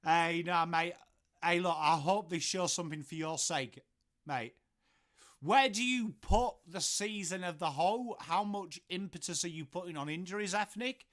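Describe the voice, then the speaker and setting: A man's voice: high-pitched, normal speed, fairly bright tone. A man with an English accent hosting a casual live-stream watchalong from home, chatting along and greeting viewers by name as he reacts to their messages. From England.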